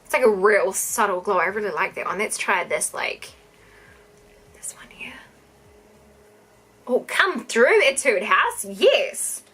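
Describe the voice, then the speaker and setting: A young woman with a New Zealand accent gushing excitedly through an unboxing vlog. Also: medium pitch, slow, pauses often, slight background noise. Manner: gushing, excitable, gasping and squealing. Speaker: YouTuber.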